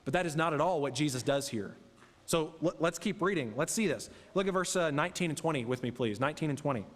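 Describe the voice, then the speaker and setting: A man's voice: a little high, animated, a little fast. A man preaching a sermon, reading scripture aloud and then explaining it earnestly to his congregation. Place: church sanctuary. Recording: long hall reverb.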